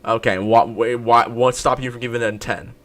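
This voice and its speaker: A man hosting a casual movie review chat, animated and insistent, often repeating himself. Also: mid-range voice, a little fast. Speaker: movie review podcast host.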